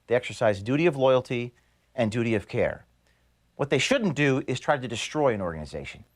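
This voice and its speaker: A man, the founder of an organization, reading an earnest, measured video statement to his staff from his office. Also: medium pitch, animated. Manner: earnest, measured, grievance-laden. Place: office at headquarters.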